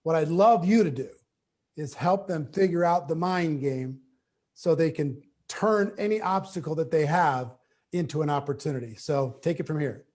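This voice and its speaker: A man's voice: fairly high pitch, normal speed, darkish tone. A man hosting, introducing the topic and handing over to his guest. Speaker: host. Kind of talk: interview introduction.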